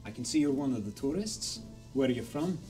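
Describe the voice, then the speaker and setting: A man voicing a stern, gruff Scottish pub bartender who talks low and hushed, with menace. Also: lively intonation, a little fast, recorded from a distance, faint music behind, natural voice. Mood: hushed threatening.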